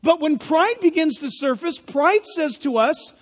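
A man preaching a sermon in a lively, conversational way. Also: extremely high pitch, a little slow, few pauses. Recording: long hall reverb.

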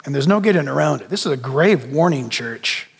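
A man's voice: mid-range voice, animated, a little fast, vocal fry, husky. A male pastor preaching a sermon, emphatic, repeating phrases and asking rhetorical questions of the congregation. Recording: long hall reverb.

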